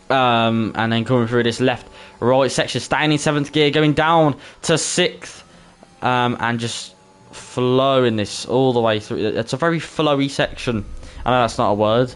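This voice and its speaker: A man's voice: medium pitch, smooth. Brummie man commentating a sim race. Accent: Birmingham (Brummie). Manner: chatty, laughs easily, stumbles over names. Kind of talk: live-streamed race commentary.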